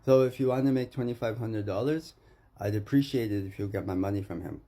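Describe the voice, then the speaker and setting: A man's voice: on the low side, fairly quick, dark tone. A Canadian man delivering an agitated, profane rant to the camera, accusing someone and repeating his name.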